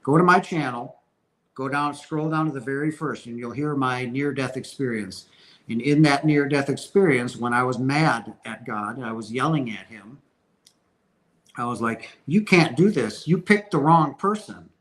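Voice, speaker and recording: In a low-quality recording, a man speaks at a medium pitch and moderate pace, his tone a bit bright. Hosting a casual question-and-answer stream, he responds to viewers with emphatic, earnest spiritual talk and frequently starts his sentences over.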